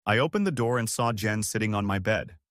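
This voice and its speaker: A man narrating a first-person story in a steady, measured reading voice. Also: lowish voice, no echo, clean studio sound. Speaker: audiobook narrator.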